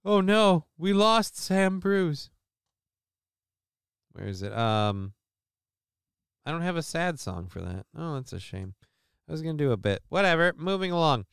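Very clear-voiced crude sarcastic man. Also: mid-range voice, very animated, moderate pace, fairly bright tone, no room sound, studio quality. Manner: crude, sarcastic, rambling, swears a lot. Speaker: live stream show host. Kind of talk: casual live-stream commentary reading news.

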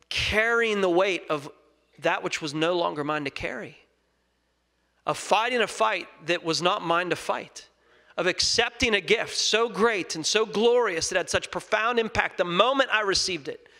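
A young man preaching a sermon, earnest, moving between loud emphasis and soft scripture reading. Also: high-pitched, measured pace. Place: church sanctuary. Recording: long reverb of a large hall.

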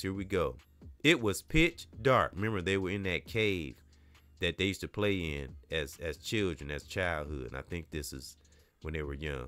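A man's voice: deep voice, a bit bright, no echo. A man reading a novel aloud, stopping often to explain the story in a casual way and repeating himself as he corrects his reading. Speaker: book reader.

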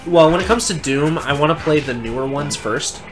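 A man co-hosting a game video, teasing his partner playfully in casual gameplay commentary. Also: fairly high pitch. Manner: playful, teasing, quick laughs. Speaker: gaming co-host. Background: game music.

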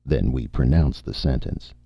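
A man's voice: a bass voice, moderate pace, vocal fry, dark tone, slightly rough, dry recording, heavily acted. A man voicing a cold, stern male tribal judge delivering solemn pronouncements in an audiobook. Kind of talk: audiobook character voice. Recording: dull, dry audiobook recording.

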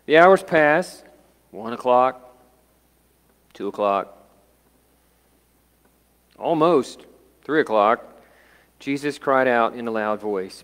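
A man delivers a sermon in a deliberate, unhurried way. His voice swells and then sinks to near quiet. A long reverb from a church sanctuary trails behind every phrase. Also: mid-range voice, smooth. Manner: slow, dramatic, dropping to hushed tones. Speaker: pastor.

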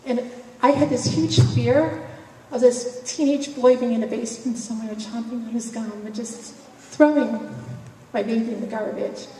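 At an event, a woman shares a personal story in an emotional, conversational testimony, often laughing between phrases. Her voice is fairly high and dark with a steady tone at a moderate pace, heard from far off in an echoey hall with faint noise.

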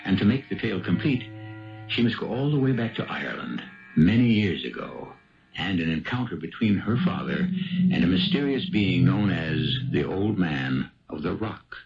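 Deep-voiced man narrating a radio mystery. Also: very animated, creaky. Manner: storytelling, measured. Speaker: host. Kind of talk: scripted narration. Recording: dull lo-fi 1970s radio broadcast with music.

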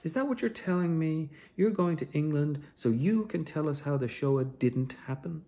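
A man's voice: a little high, lively intonation, moderate pace, dark tone, pitched above the performer's own voice. A man reading as a sneering airport interrogator. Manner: mocking, aggressive questioning. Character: hostile male airport security interrogator, sneering and suspicious.

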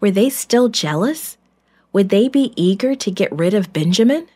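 A woman narrating a children's Bible story in a clear storytelling manner. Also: medium pitch, expressive, normal speed, mellow.

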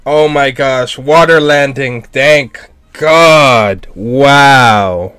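A man reacting live to an anime, exclaiming and shouting at the screen. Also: medium pitch, extremely slow, clear, resonant tone, dry recording, faint music behind.

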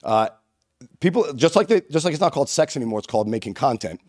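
Guy hosting a podcast, talks quick with lots of swing in his voice, crude jokey banter, dry studio sound. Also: medium pitch, animated, a little mellow, no echo. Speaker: podcast host. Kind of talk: casual chat.

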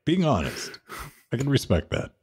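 A man's voice: mid-range voice, huge pitch swings, normal speed, darkish tone, slightly rough. A man co-hosting a gaming podcast, chatting casually and bluntly, swearing freely and cracking jokes. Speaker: podcast co-host. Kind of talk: casual chat.

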